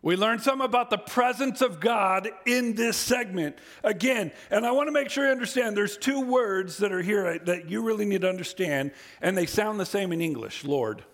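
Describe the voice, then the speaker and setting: A man preaching a sermon, reading scripture aloud and acting out the speakers, moving from low, quiet reading to loud, high emphasis. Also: animated, moderate pace, few pauses. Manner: acts out voices in scripture and paraphrase.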